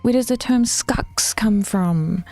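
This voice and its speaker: A young New woman talks loosely to her stream in a mid-pitched voice. She swears freely, laughs easily and often slips into a whisper. Soft music plays behind her. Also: slow. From New Zealand. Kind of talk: casual live-stream chat.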